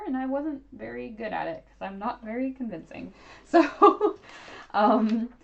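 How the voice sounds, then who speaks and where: A woman in her thirties hosting a casual livestream Q&A, rambling and chatty with lots of fillers and self-corrections. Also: lowish voice. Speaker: archaeologist YouTuber hosting a livestream. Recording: dull lo-fi sound.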